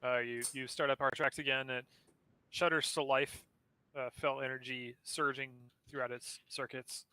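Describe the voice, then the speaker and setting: A bright, clear-toned man narrates a tabletop game as its dungeon master. He talks in a halting way, full of fillers and restarts. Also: medium pitch, little pitch movement, no echo. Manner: halting, lots of uh and restarts, laughs often.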